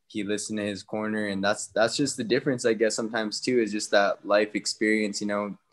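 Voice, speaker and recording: A young man from New Mexico, a guest fighter talking casually in an interview, relaxed and slangy. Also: lowish voice, fairly quick. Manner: relaxed, slangy, retells talks with others in quoted bits.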